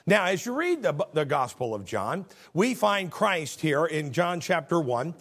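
A middle-aged male pastor giving a sermon, building to emphatic, raised passages and then dropping low and soft. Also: sing-song, a little slow, hardly any pauses. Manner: leads a call-and-response scripture reading.

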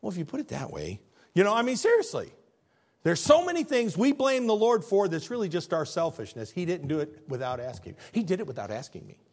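High, animated male preacher. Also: fairly quick. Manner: animated, conversational preaching that acts out quoted figures. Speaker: pastor. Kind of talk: sermon.

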